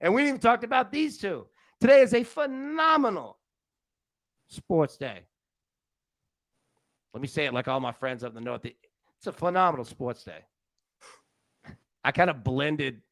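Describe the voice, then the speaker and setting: A man's voice: a little high, animated, normal speed, long pauses, fairly bright tone, no echo. A man hosting a live sports betting show, rambling and joking with frequent restarts. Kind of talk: casual live show chat. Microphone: studio mic on a live stream.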